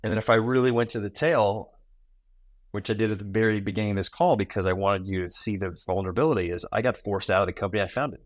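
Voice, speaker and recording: A man in his forties, a podcast guest who tells stories in a lively way and acts out small talk in quick asides. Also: fairly low pitch, no room sound. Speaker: guest, founder and keynote speaker. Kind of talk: conversational podcast interview.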